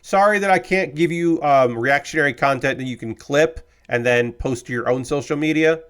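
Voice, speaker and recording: A man's voice: on the high side, normal speed, a bit bright, clean tone. A man hosting a live stream in casual chat, rambling and hedging, easygoing and apologetic, swearing now and then. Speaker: streamer host.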